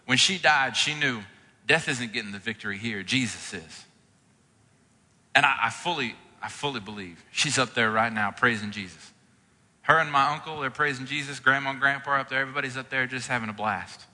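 A man's voice: medium pitch, bright, forceful tone, big-room sound. A man preaching a sermon in an earnest, conversational way, with casual asides and scripture readings. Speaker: pastor.

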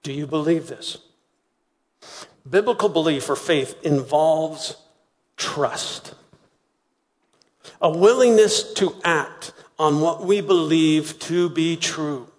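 A man preaching a sermon, retelling a story with lively acted-out voices. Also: on the high side, slow, pauses often, big-room sound. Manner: animated storytelling, acting out voices. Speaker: pastor.

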